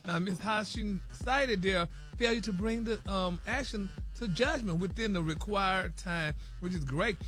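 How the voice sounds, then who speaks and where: High voiced guy doing the celeb gossip on morning radio, says y'all and honey nonstop, music low underneath. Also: unhurried, hardly any pauses, a bit bright. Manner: sprinkles "y'all" and "honey" everywhere, dramatic. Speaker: celebrity news reporter on a morning radio show. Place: radio studio.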